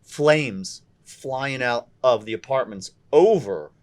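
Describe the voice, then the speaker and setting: A comedian talking on a casual podcast, launching into anecdotes with plenty of restarts. His voice sits at an average pitch for a man. He builds each story with energy. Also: takes it slowly. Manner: animated, trips over his words.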